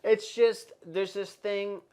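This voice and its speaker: A man's voice: sits high, takes it slowly, clear, resonant tone. Give me a young man in his twenties, casually chatting on a podcast, swearing and rambling. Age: 20s. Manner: profane, rambling and animated. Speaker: podcast host. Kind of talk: casual chat.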